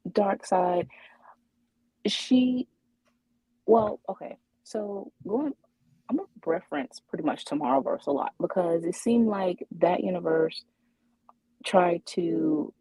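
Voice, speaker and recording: A woman co-hosting a podcast talks slowly and thinks out loud, with many ums and restarts. Her voice is low and mellow with a husky edge. The sound is dry and close. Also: dry recording, low-quality recording. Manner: hesitant, many fillers and restarts. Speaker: podcast co-host. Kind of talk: casual chat.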